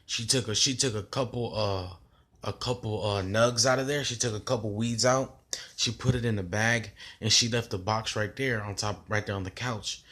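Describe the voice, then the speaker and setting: A man's voice: lowish voice, steady tone, moderate pace, fairly bright tone. A young man telling a story in a casual vlog, with loose slang and rambling restarts.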